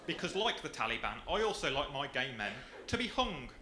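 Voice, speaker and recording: A young man with a Birmingham accent doing a stand-up comedy set, delivering dry, deadpan punchlines on a comedy club stage. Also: mid-range voice, fairly quick. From Birmingham area, England. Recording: echoey club with audience noise.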